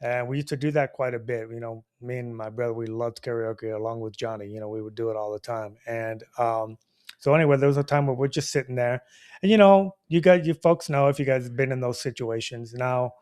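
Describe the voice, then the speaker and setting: A man tells a rowdy bar story to his listeners in a medium-pitched voice. He is animated, laughs often and keeps checking in with "you know what I mean". The delivery is loose, casual storytelling. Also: brisk, smooth. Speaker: storyteller host.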